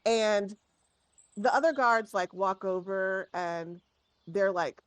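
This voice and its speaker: Game master woman, lively pitch, unhurried casual narration, dry sound. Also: no room sound. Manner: casual storytelling with many fillers.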